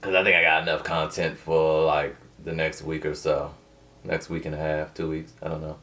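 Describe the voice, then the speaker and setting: A man's voice: extremely low pitch, level tone, moderate pace, bright, forceful tone. A man talking casually and unscripted to his viewers, in a loose, colloquial, digressive way. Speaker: vlogger. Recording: distant from the mic.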